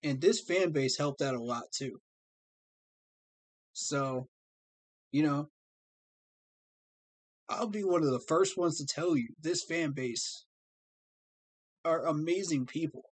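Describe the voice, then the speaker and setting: A man's voice: fairly high pitch, slow pace, long pauses, slightly rough, dry recording. A man, hosting a fan livestream and speaking to his viewers in an earnest, heartfelt way. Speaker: fan streamer host. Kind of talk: livestream talk to fans.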